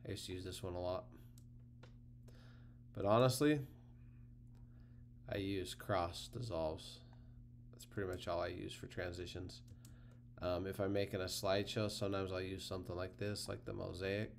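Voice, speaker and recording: Tutorial host, male, low and a bit gravelly, easygoing and unscripted, slight hum on the track. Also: moderate pace, pauses often. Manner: relaxed, thinking aloud while clicking through the screen. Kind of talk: casual screen-recorded software tutorial.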